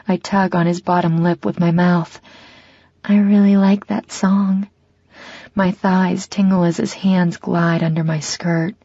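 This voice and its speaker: An audiobook narrator reads a romance novel in an intimate first-person style, her fairly low voice creaky and mellow. The scripted narration sounds slightly muffled and dry, with no echo.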